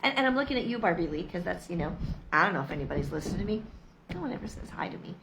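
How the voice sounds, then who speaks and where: Middle-aged woman, low gravelly voice, emphatic motivational vlogger. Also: sing-song, very fast, fairly bright tone, a little hiss or hum, rough recording. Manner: emphatic, repetitive, chatty with laughs. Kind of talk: motivational casual talk to camera.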